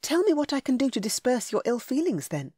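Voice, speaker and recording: A woman voicing a witty, affectionate young lady in an audiobook, speaking higher and playfully. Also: very animated, brisk, mellow, slightly rough, dry recording, studio quality, exaggerated voice.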